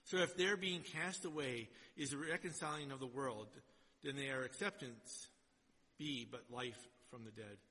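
A man preaching a sermon and reading scripture aloud, swinging between loud exhortation and quiet, low asides, in a church. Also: unhurried. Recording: long hall reverb.

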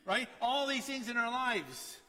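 A middle-aged man preaching a sermon in a conversational way, often asking "right?" and dropping to a quiet storytelling tone. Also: extremely high pitch, animated, measured pace, big-room sound. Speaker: pastor.

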